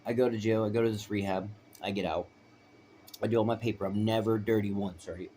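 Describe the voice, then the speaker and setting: A man with a deep, low voice tells his own story in a loose, rambling way. He presses his points hard and keeps checking in with "right?" A light background noise runs under the recording. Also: fairly even intonation, a little fast, warm tone. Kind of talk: personal storytelling.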